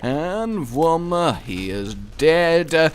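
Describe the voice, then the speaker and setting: A young man talks over his own gameplay with a jokey, excitable manner. His pitch swings widely as he jumps from easygoing remarks to loud, high-pitched cheers. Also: very slow, slight background noise. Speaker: gaming video host. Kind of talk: let's play commentary.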